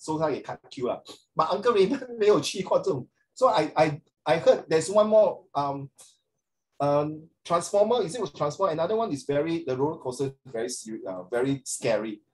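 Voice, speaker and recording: A man's voice: on the high side, expressive, fairly quick, low-quality recording. A middle-aged Singaporean man giving a chatty classroom lecture as a social studies teacher, with frequent rhetorical tag questions.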